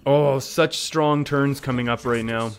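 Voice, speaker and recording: A man's voice: mid-range voice, fairly even intonation, unhurried, faint music behind. A man live-streaming a card game, talking through his plays in a chatty way and often laughing.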